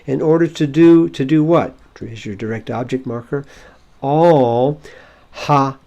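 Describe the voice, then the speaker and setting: Male Bible-language teacher with a gravelly edge, talking through a verse in an unhurried, explanatory way. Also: medium pitch, warm tone, dull audio. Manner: explanatory, thinking aloud with fillers. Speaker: Hebrew teacher.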